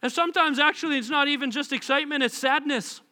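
Bright high-voiced male pastor preaching. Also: quick pace. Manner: animated, acts out voices of people praying. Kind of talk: sermon.

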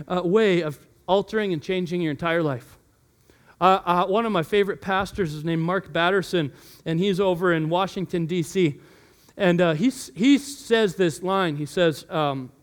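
A man in his thirties preaching a sermon, animated, telling a family story and acting out his children's voices. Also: high-pitched, normal speed. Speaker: pastor.

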